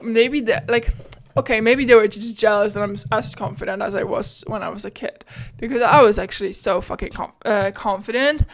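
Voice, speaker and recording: A young adult woman hosting a casual solo podcast, rambling candidly, swearing freely and filling her talk with "like". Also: a little high. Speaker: podcast host.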